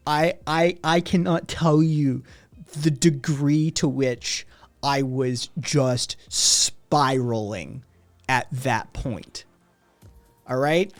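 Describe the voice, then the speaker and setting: A man's voice: mid-range voice, very slow, faint music behind. A man hosting a livestream, telling a rambling, profane story to his chat with lots of "right?" asides. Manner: rambling, heavy swearing, frequent "right?" asides. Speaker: livestream host.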